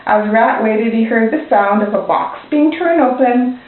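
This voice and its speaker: A young woman reads a picture book aloud in a gentle storytime manner, her voice pitched a little high. The sound is tinny and phone-like, with heavy echo from the room. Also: a little slow, recorded from a distance. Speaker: library student reading a picture book.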